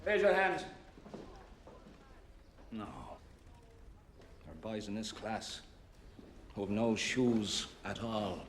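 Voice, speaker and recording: An actor playing a stern middle-aged schoolmaster who lectures a class with mocking rhetorical questions. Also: male voice, fairly low pitch, big pitch swings, takes it slowly, pauses often, echoey room, a little hiss or hum. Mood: lecturing. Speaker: schoolmaster in a film.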